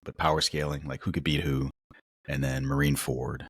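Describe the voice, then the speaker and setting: Very deep, husky-voiced man chatting. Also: normal speed, dry recording, clean studio sound. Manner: rambling, animated storyteller. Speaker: podcast co-host. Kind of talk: casual chat.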